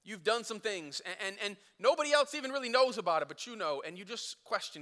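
High bright-voiced preacher in a hall. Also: male voice, animated, quick pace. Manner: casual storytelling with acted quotes, swinging from loud to hushed. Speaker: pastor. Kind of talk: sermon.

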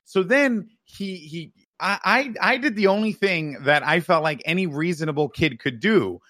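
Male podcast co-host from New York: lively, swearing raconteur, bright edge, dry mic. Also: high voice, moderate pace, dry recording. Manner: animated, profane, peppers with "right?". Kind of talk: casual storytelling chat.

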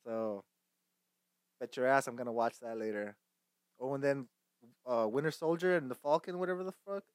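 A man's voice: mid-range voice, moderate pace, dry recording, studio quality. A young man hosting a casual movie chat, swearing often, rambling, and laughing between lines. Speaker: host.

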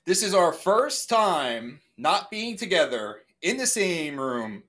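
A man's voice: sits high, very animated, slow, a bit bright. A man, hosting a casual podcast over a video call. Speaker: podcast host. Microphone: remote video call.

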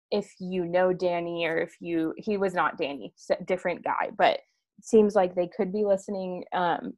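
A young woman co-hosting a podcast, telling a story casually and laughing often as she talks. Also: lowish voice. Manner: giggly, laughs through her stories. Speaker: podcast co-host.

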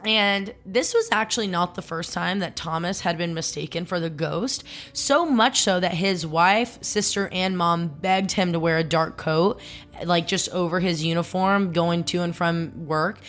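A woman's voice: lowish voice, measured pace, a bit bright, soft background music. A woman co-hosting a casual true-crime podcast, chatty and jokey, slipping into silly voices for quotes. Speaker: podcast co-host.

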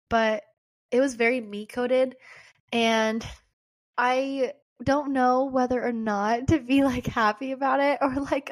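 A young woman co-hosting a podcast, chatting casually with many "like"s and acted-out quotes. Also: fairly high pitch. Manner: chatty, lots of "like", acts out quotes. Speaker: podcast co-host. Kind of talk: casual chat.

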